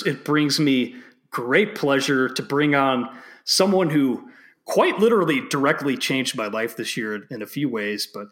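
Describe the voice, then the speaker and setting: A man's voice: medium pitch, a little slow. A young man hosting a podcast interview, talking casually with many fillers and restarts. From Chicago area. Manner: relaxed, rambling with fillers and restarts. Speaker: podcast host.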